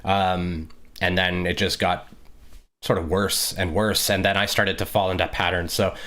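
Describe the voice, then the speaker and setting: A man's voice: low voice, flat delivery, unhurried, bright, forceful tone. A man co-hosting a casual podcast conversation, talking in a reflective, rambling way with many fillers and restarts. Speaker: podcast co-host.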